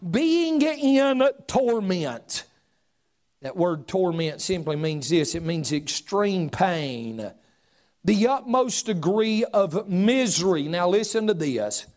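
A middle-aged man preaching a fiery sermon, shouting some points and dropping to a hush on others. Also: on the high side. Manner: preaching with shouted emphasis and sudden drops to a hush. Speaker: pastor.

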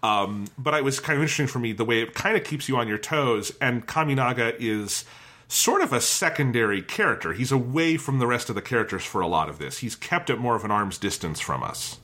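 A man co-hosting a film podcast, talking in a lively, casual way and swearing freely. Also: medium pitch, fairly quick. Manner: animated, chatty, swears freely. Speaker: podcast co-host. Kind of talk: casual film review chat.

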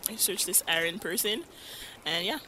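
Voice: medium pitch, animated, moderate pace, pushed and bright, a little hiss or hum, poor audio. A podcast co-host chatting casually, chiming in and hedging with frequent fillers. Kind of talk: casual chat.

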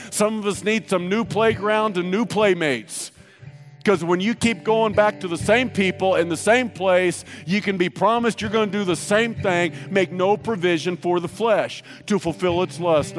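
A man preaching a sermon to a congregation, emphatic, breaking into sung lines and jokes, with faint guitar music behind. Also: high-pitched. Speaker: pastor.

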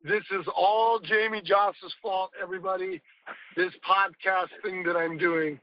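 A man's voice: high voice, fairly even intonation, measured pace, highs cut off, slight background noise. A man speaking as a podcast guest, telling rambling, emphatic stories in casual conversation and swearing now and then.

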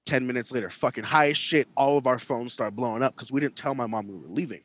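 A man's voice: mid-range voice, fast talker, dry recording. A young man co-hosting a podcast, telling stories in casual chat and acting out the people in them. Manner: animated, acts out quotes with big swings in voice. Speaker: podcast co-host.

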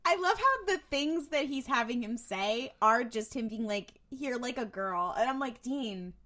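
Animated, bright-voiced woman cohost. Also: fairly high pitch, normal speed. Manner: blunt, animated, swears freely. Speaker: podcast co-host. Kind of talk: casual chat.

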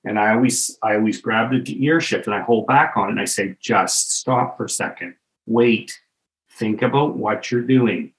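Man, trucking instructor, low voice, down-to-earth storyteller. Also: moderate pace, rough recording. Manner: plain-spoken, practical, explains by example. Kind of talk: casual podcast conversation.

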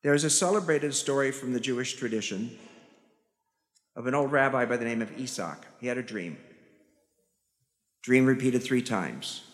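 A priest with a Chicago accent preaching a sermon, telling stories with self-deprecating humor. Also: male voice, mid-range voice, normal speed, pauses often. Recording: church hall reverb.

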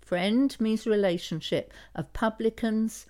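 A woman on a faith podcast, telling a story reflectively with many pauses and restarts. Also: fairly high pitch, darkish tone. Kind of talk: casual faith podcast discussion.

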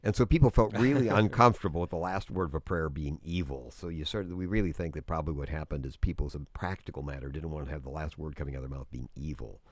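A man's voice: extremely low pitch, fast, hardly any pauses, no room sound, studio quality. A man teaching earnestly in conversation, explaining at length with frequent restarts. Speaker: guest teacher on prayer.

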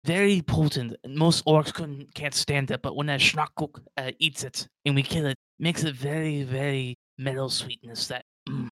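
A man's voice: medium pitch, steady tone, normal speed, a bit bright, no room sound, natural voice. A man voicing a big, grumpy-looking but hearty male orc crewman who talks in broken, pushy phrases. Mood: coaxing.

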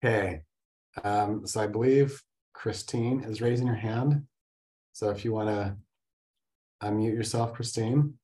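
A woman co-hosting, speaking softly as she calls on participants in a group call. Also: very deep voice, a little slow, pauses often.

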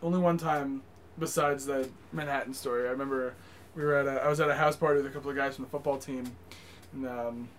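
A man's voice: mid-range voice, slight background noise. A man co-hosting a casual chat, telling a story in a dry, wry way. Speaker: podcast co-host.

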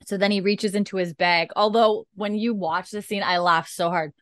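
A woman's voice: mid-range voice, steady tone, normal speed, a bit bright, dry recording. A woman hosting a podcast, recapping a TV episode in rambling casual chat full of fillers, eating dinner as she talks. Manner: rambling, filler-heavy storytelling. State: eating dinner while talking. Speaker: podcast host.

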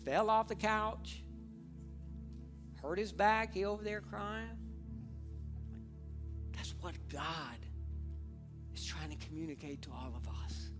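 A man in his thirties preaching a sermon with passion, moving between hushed earnest stretches and fervent, near-shouted appeals. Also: high voice, animated, takes it slowly, long pauses, over music. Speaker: pastor.

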